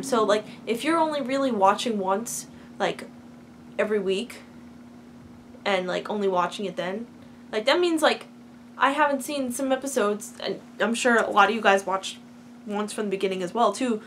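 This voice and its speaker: A woman's voice: mid-range voice, moderate pace, a bit bright, a little hiss or hum. A young woman vlogger chatting casually about a TV episode, filler-heavy and gushing, turning to ranting. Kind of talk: casual TV episode reaction chat.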